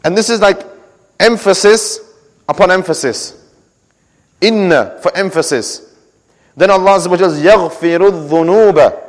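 Earnest preacher man in a reverberant hall. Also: fairly high pitch. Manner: earnest storytelling, recites scripture in quick chant. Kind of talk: sermon.

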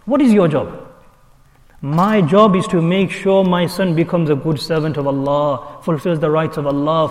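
Man, preacher; high-pitched, animated, rhetorical questions; recorded in a reverberant hall. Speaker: imam. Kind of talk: sermon.

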